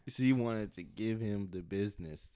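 A man co-hosting a podcast in casual chat, animated, laughing often and jumping into high squeaky voices when retelling scenes. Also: measured pace, a little hiss or hum. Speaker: podcast co-host. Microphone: studio mic.

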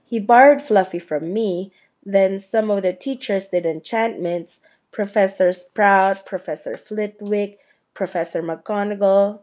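A woman reading the part of a big, gruff, proud male groundskeeper with a slow, homely, talkative way of speaking. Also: medium pitch, a little mellow, close to an everyday voice. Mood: proud, chatty.

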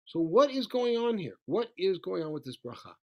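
A man teaching a Bible study lesson, animated as he retells the story, reading Hebrew verses and translating them. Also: sits high, normal speed, lo-fi sound. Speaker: Torah teacher.

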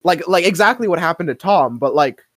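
A young woman co-hosting a podcast, chatting casually and playfully about a TV episode, quick to agree and joke. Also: fairly low pitch, lively intonation, no echo. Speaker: podcast co-host. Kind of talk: casual chat recapping a TV episode.

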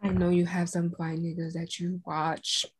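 A woman co-hosting a podcast in casual chat, loud and playful with lots of slang and exclamations. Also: lowish voice, level tone, normal speed, a little hiss or hum. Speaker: podcast co-host.

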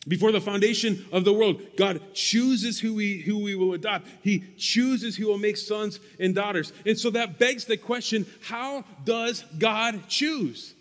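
A man's voice: high-pitched, unhurried, few pauses, big-room sound. A man preaching a sermon as pastor, emphatic, repeating key phrases for stress, in a church sanctuary.

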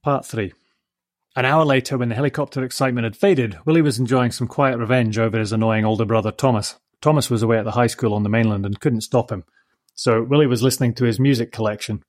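A man reading a children's story aloud in a gentle, measured way, softly giving voice to the dialogue. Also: medium pitch. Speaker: narrator. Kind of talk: storybook narration.

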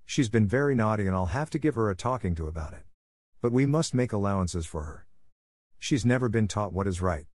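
A man's voice: fairly low pitch, expressive, a little fast, darkish tone, no echo. A man reading the lines of a stern, dry-spoken middle-aged woman in an audiobook. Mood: firm. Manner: dry and firm.

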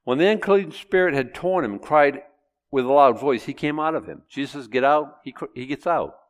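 A middle-aged pastor preaching an expository sermon, animated, acting out Bible voices and quizzing his congregation. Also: a little high, brisk. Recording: long hall reverb.

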